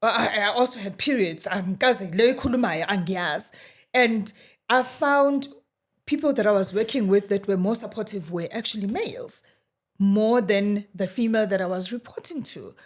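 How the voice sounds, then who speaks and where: An animated South African woman in her thirties shares her story as a podcast guest. She switches easily between English and Zulu phrases and acts out the voices of the people she quotes. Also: mid-range voice, normal speed. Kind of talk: casual storytelling interview.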